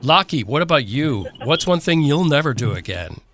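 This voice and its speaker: A man co-hosting a morning radio show, telling stories with animated mock outrage in a studio. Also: fairly high pitch, moderate pace, soft background music. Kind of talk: casual morning radio banter. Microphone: studio microphone.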